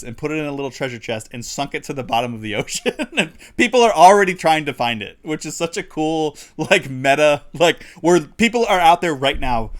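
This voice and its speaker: A man co-hosting a livestreamed talk show, chatting casually with lots of fillers and frequent laughter. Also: a little high. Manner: rambling, laughs often, many fillers. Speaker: podcast co-host. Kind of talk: casual chat. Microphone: studio mic on a livestream.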